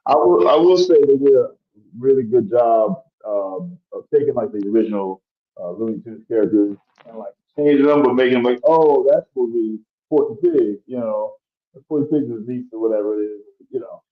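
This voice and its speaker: A man's voice: medium pitch, brisk, phone-quality sound. A man co-hosting a podcast in casual chat, rambling with lots of fillers as he makes his point. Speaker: podcast co-host.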